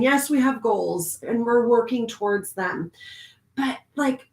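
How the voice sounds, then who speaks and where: A woman giving a casual spiritual oracle card reading, animated and laughing often, moving from hushed calm to excited outbursts. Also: fairly high pitch, slow pace, reverberant.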